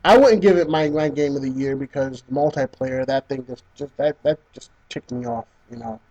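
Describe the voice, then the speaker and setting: A man co-hosting a casual gaming podcast, telling stories with lots of swearing, restarts and excited outbursts. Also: mid-range voice, moderate pace, muffled recording. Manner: excitable storyteller, swears freely, many restarts. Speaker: podcast co-host. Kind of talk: casual chat.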